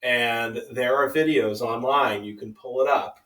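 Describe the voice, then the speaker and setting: A man's voice: mid-range voice, steady tone, a little slow, pushed and bright. Joking man, roomy and distant. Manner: joking, rambling, with many restarts. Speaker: podcast co-host. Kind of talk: casual chat. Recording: echoey room, mic at a distance.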